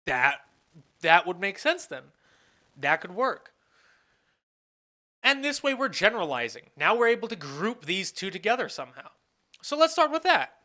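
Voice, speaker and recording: A professor lectures in a lively, bright voice whose pitch rises and falls widely. They think aloud, pose questions to the class and answer them, and stop to restate phrases mid-sentence. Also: normal speed, pauses often. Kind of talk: recorded lecture at a whiteboard.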